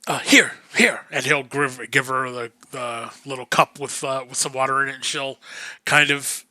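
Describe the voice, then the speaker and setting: Bright-voiced male game master. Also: mid-range voice, level tone, normal speed, no room sound. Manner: rambling, full of fillers. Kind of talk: narrating a tabletop game.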